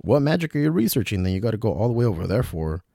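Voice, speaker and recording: A man voicing a laid-back young male elf who talks in a slow, hesitant drawl. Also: lowish voice, sing-song, creaky, mellow, no echo, studio quality, exaggerated voice.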